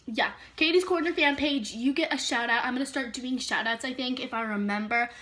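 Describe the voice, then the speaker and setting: A woman's voice: high voice, fairly quick, background noise. A woman beauty vlogger chatting casually through a haul, bubbly, with dramatic reactions and lots of "like". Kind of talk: casual haul video chat.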